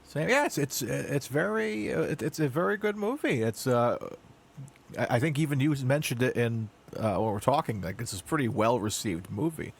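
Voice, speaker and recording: A man's voice: mid-range voice, expressive, normal speed, gravelly, breathy edge. A man co-hosting a podcast, chatting casually and often repeating his words as he gets going. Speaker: podcast co-host. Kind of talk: casual chat.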